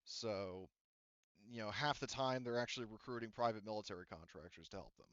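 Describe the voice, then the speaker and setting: Low smooth-voiced guy running a tabletop game, lots of likes and ums, dull dry mic. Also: fairly quick, fairly bright tone, dry recording. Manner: loose, filler-heavy explaining. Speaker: game master. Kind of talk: explaining game lore.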